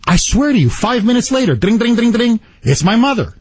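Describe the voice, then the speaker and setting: Male talk radio host; lively, husky delivery, dry studio sound. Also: very high voice, a little fast, hardly any pauses, no room sound. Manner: animated storytelling, acts out quotes. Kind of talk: talk radio monologue and call-in.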